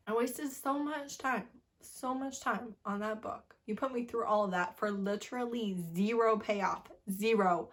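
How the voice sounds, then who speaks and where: A young woman reviewing books in a casual video, animated and exasperated, laughing as she rants. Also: fairly high pitch, measured pace, hardly any pauses. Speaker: book reviewer.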